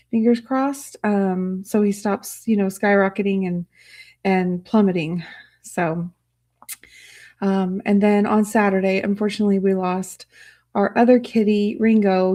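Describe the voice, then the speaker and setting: A woman hosts a casual livestream chat at a middle pitch. She speaks softly and emotionally, rambling, restarting her sentences and filling pauses with "um". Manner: soft, rambling, emotional, with frequent fillers. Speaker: livestream host.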